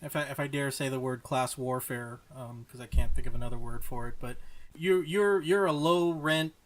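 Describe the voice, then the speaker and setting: A man's voice: medium pitch, fairly even intonation, fairly quick. A man with a mid-range voice co-hosts a casual podcast chat. He rambles, restarts his sentences and wanders into nerdy side remarks. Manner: rambling, self-correcting, nerdy asides. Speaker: podcast co-host.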